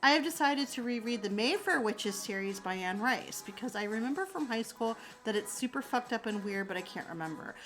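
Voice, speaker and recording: A woman chatting casually with her live-stream viewers, her voice high and bright with a sharp edge. She swoops widely up and down in pitch, takes her time, and swears freely as she addresses the chat directly. Soft music plays faintly behind her. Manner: animated, swears freely, talks straight to chat.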